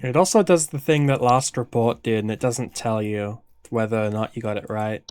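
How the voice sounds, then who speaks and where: A man's voice: medium pitch, normal speed, darkish tone, soft background music. A man playing a video game and thinking aloud in casual, self-deprecating commentary.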